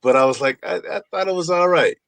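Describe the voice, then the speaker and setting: A man's voice: on the high side, creaky, fairly bright tone, no echo. A man co-hosting a live chat show, talking casually with many restarts and repeated words. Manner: halting, repeats words, laughs easily. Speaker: co-host.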